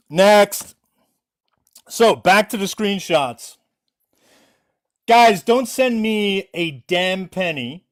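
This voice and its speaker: Animated, mocking livestreamer. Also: medium pitch, very slow, pauses often. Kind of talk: livestream callout commentary.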